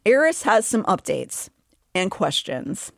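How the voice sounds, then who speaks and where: A woman co-hosting a podcast, recapping a novel's plot in a casual chatty way and now and then dropping into quick silly character voices. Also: medium pitch, sing-song, vocal fry, no room sound, clean studio sound. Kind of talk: casual book recap chat.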